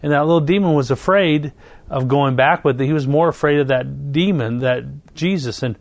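A man's voice: on the high side, normal speed, creaky, no echo. A man preaching a sermon, reading scripture and telling a personal story in an earnest, repetitive way. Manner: earnest storytelling, repeats phrases, occasional self-corrections.

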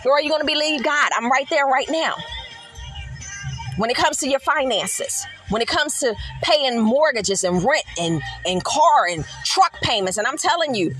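A middle-aged woman with a high voice tells a personal faith testimony in an earnest, animated storytelling manner. She leans into emphatic repetitions as soft music plays faintly underneath. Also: measured pace, poor audio. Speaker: podcast host.

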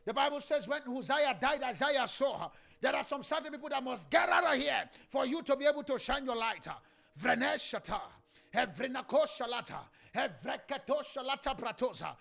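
High, gravelly man in fervent prayer. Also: expressive, fairly quick. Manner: chanting, shouting prayer with bursts of tongues. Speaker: pastor. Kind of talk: fervent prayer sermon with tongues.

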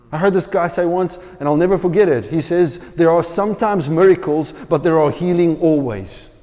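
A man preaching a sermon, telling a story with lively, acted-out quoted voices. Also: high-pitched, big-room sound.

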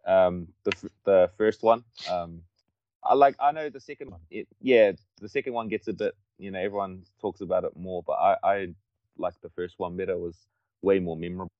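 A man's voice: sits low, fairly quick, muffled recording. A man chatting casually and rambling, swearing and laughing a lot. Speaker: podcast co-host. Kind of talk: casual chat.

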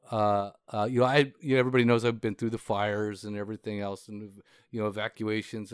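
Male co-host, mid-pitched, dry close mic, profane rambling storyteller with many fillers. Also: clear, resonant tone, dry recording. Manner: profane, laughing, heavy fillers and restarts. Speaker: podcast co-host.

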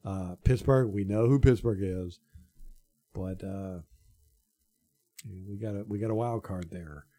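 A man's voice: fairly low pitch, a little slow, mellow, no echo, soft background music. A man talking football in a loose, joking way, swearing now and then. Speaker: co-host of a football chat. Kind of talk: casual chat.

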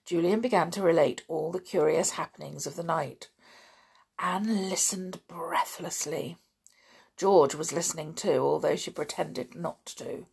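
Storybook narrator, woman, measured and expressive, breathy and husky. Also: deep voice. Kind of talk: storybook reading.

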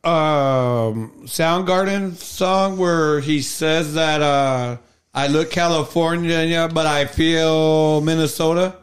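A man co-hosting a casual podcast, joking around with slow, drawn-out phrases. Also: fairly high pitch, fairly even intonation, clear, resonant tone. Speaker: podcast co-host. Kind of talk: casual chat.

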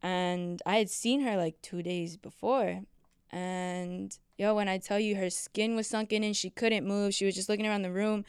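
A young woman recounting a painful family memory in loose, profane, conversational speech. Her voice is exceptionally clear and smooth, and the sound is dry and close with no room around it. She tells it in casual chat. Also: medium pitch, fairly even intonation, no echo. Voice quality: emotional, profane, quick storytelling.

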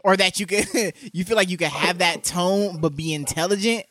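A young man from San Diego, co-hosting a casual podcast, animated and laughing often. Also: high-pitched, normal speed. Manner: animated, laughing, mimics voices. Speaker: podcast co-host. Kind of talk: casual chat.

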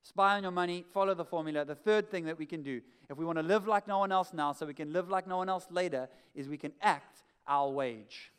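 A man preaching a sermon as pastor, animated and emphatic, often repeating key phrases. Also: a little high, a little fast, few pauses, smooth. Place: church hall.

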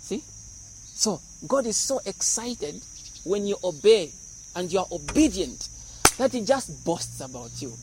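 Pastor, high male voice, lively teaching sermon with jokes, faint background hum. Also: measured pace. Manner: animated, explains verses with humor and acted-out voices.

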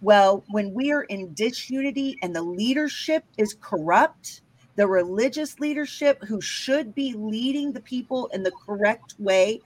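A woman's voice: fairly high pitch, animated, measured pace, a little mellow, poor audio. A woman teaching scripture in an emphatic way, often checking in with her listeners. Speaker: Bible teacher.

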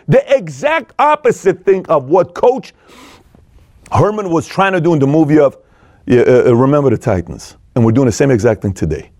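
A man's voice: normal speed, dry recording. A man telling a story with energy, acting out the lines of the people in it. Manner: energetic, acts out dialogue, swings between loud and low. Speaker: speaker retelling a film and business lessons. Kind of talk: animated storytelling talk.

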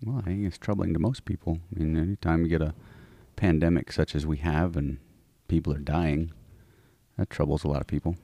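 A man's voice: extremely low pitch, steady tone, brisk, dark tone, no room sound. A man co-hosting a casual podcast, playful, tossing out dad jokes. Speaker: podcast co-host. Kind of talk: casual chat.

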